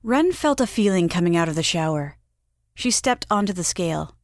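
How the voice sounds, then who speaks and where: Casting: woman narrator, lower voice, measured audiobook reading, dry close mic. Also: expressive, dry recording. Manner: measured storytelling.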